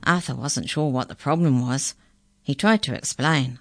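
A woman reading a children's storybook aloud, unhurried and expressive. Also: low voice, no room sound, clean studio sound.

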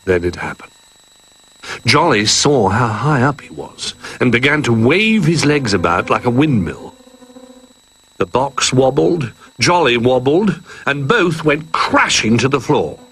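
A man reading a children's story aloud in an expressive, animated way. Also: medium pitch, a little slow, slightly rough, rough recording.

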